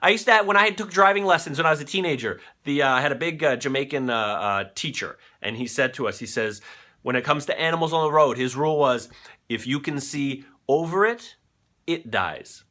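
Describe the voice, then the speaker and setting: A man hosting a live online show, reacting excitedly to viral videos with frequent fillers and swearing. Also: fairly high pitch, fast.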